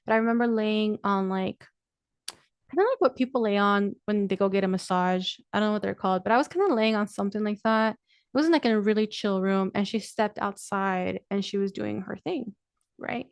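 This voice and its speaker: A woman's voice: mid-range voice, a little fast, clear, resonant tone, no room sound. A young woman speaks to her listeners in a loose, confiding monologue, peppered with 'like' and casual swearing. Her voice sits in an ordinary middle range. The sound is dry and close, with no room around it. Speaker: podcast host. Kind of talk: candid personal monologue.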